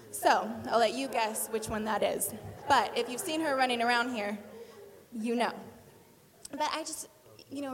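Woman in her thirties, relaxed self-deprecating preacher, slightly high pitch, hall reverb. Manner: chatty, self-deprecating, laughing storyteller. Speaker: speaker at church. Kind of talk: sermon with personal story.

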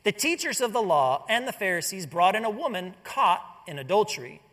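Preacher guy telling a bible story, high bright voice, big echoey church sound. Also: big pitch swings, fairly quick. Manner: storytelling preacher, rhetorical questions, earnest. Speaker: pastor. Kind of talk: sermon.

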